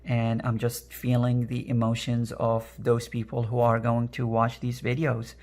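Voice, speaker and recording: A man with a raspy, strained voice giving an earnest pick-a-card reading, repeating phrases with many fillers. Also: medium pitch, completely flat delivery, a little slow, darkish tone. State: emotional, voice strained. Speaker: energy worker and tarot card reader.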